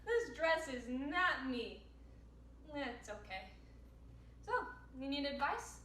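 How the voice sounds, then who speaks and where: A woman's voice: high-pitched, very animated, slow, a bit bright, a little hiss or hum, heavily acted. A young woman performing a stage monologue as a caring, chatty sister with wry asides. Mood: tender. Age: late teens. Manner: wry, self-mocking asides. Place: home room over video. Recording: echoey room, distant mic.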